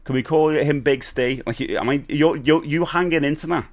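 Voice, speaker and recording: A man's voice: a little high, moderate pace. A man chatting casually on a live stream, rambling and reading viewer comments aloud.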